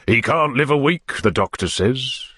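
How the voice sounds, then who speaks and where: A man voicing a pompous, amorous middle-aged parish beadle who woos in courtly, wheedling tones that sink to soft murmurs. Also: mid-range voice, expressive, measured pace, no room sound, studio quality, voice pushed up. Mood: rapturous.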